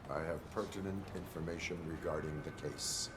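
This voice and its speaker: A stoic cyborg lawman from a video game, flat and formal in every word. The voice sits very low. Loud noise runs under the game audio. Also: moderate pace. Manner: flat, formal, mechanical delivery. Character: RoboCop, stoic male cyborg police officer.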